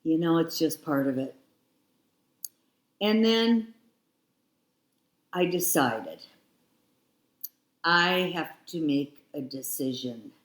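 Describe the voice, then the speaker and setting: Low-voiced, unhurried woman in her sixties, candid storyteller, echoey room. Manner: reflective, frank, repeats phrases. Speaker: guest.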